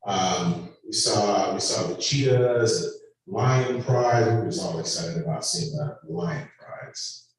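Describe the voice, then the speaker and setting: Man, church panel speaker, easygoing storyteller with ums, heard from a distance in a booming hall. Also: animated, slow pace. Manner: casual storytelling with frequent ums. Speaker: panelist sharing a mission trip. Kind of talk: church panel testimony with slides. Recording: echoey hall from far off, faint noise.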